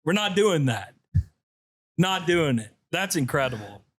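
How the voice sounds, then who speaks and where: A man's voice: a little high, sing-song, measured pace, a bit bright. A man co-hosting a podcast, chatting casually in a jokey way and laughing often. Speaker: podcast co-host. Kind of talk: casual chat.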